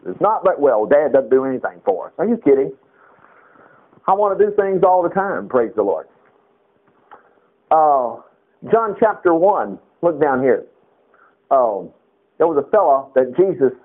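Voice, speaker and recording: A middle-aged man preaching a sermon, reading scripture aloud and breaking off into casual asides. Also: a little high. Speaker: pastor. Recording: tinny phone-like recording.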